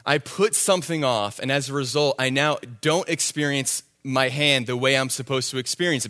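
A young man telling a self-deprecating story in a sermon, animated and quick with asides. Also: mid-range voice. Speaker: youth pastor.

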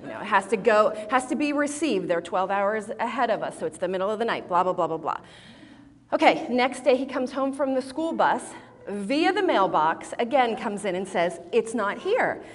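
A woman giving a sermon-style talk to a women's group, telling stories in an animated, expressive way. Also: medium pitch, moderate pace. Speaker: speaker at a women's Bible study. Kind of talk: sermon-style teaching with storytelling. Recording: long hall reverb.

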